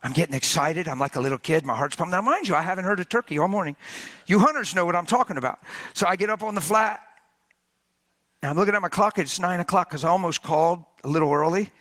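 A man preaching a sermon, telling a story in an animated, jokey way and often exclaiming. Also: high-pitched, fast.

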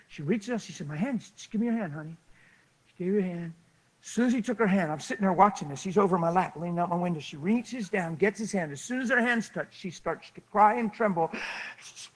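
A man preaching, telling a lively story and acting out the people in it, often laughing as he goes. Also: high voice, brisk, poor audio. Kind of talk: animated storytelling sermon.

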